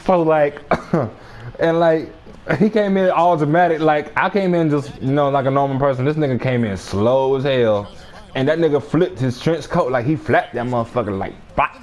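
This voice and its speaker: A man's voice: a little high, normal speed, darkish tone. A young man telling a story in casual chat, slangy and often laughing.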